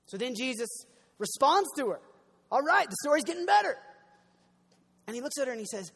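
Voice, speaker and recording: A young man preaching in a relaxed, conversational way. He acts out the people in the story, swinging from loud cries down to near-murmurs. His voice carries a long reverb, as if in a large hall. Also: very high-pitched, a little fast, creaky, pauses often, husky. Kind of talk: sermon.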